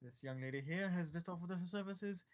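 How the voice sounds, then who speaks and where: A man's voice: high voice, brisk, pitched above the performer's own voice, natural voice. A man voicing a sly, smug male tiefling who runs a brothel, with a drawling, theatrical manner. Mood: showman. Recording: dull lo-fi sound.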